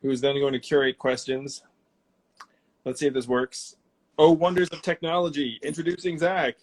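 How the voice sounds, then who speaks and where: A man hosting a casual live question-and-answer stream from his home, rambling and relaxed, with lots of fillers and restarts. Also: a little high, normal speed. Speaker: host of an Instagram live Q&A.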